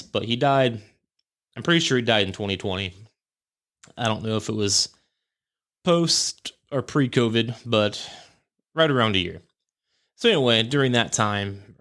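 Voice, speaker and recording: Guy with a lowish voice doing a chatty home podcast, wanders off track, swears a bit. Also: a bit bright. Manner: rambling, self-correcting, swears casually. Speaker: podcast host. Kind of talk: casual podcast storytelling.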